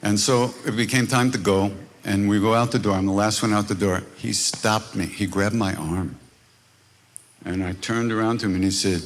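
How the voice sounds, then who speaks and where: With slight background noise behind him, a man with a lowish, steady voice talks at a normal speed. He is a spiritual teacher running a live retreat workshop, giving an informal talk through wry, conversational stories in which he plays the people involved.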